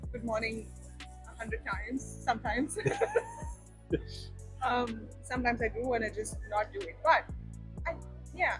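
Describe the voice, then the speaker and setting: A woman's voice: on the high side, a bit bright. A woman hosting an interview, chatty and playful, laughing easily. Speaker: interview host. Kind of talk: casual interview chat.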